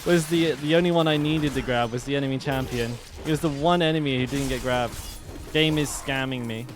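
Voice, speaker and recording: A man's voice: medium pitch, a little fast, music in the background. A man casually commenting while he plays a game on stream, chatting with viewers and swearing now and then.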